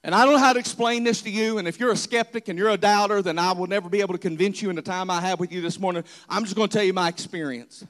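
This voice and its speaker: High-voiced earnest male preacher. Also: steady tone, racing, hardly any pauses, fairly bright tone. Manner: earnest, dramatic storytelling preacher. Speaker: pastor. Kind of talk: sermon testimony.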